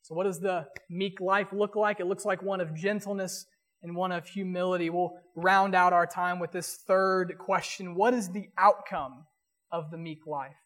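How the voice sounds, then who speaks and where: A man, a pastor, preaching a sermon earnestly and reading scripture aloud slowly. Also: high-pitched, fairly even intonation, a bit bright, big-room sound.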